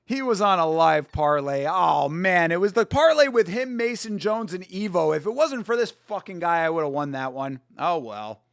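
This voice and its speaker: Young man, live streamer, casual fight chat, swears a lot, slightly high voice, dry close mic. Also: expressive, normal speed, creaky, clear, resonant tone, dry recording. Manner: swears and reacts loudly to fights, greets chat by name. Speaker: streamer hosting a live fight watch-along.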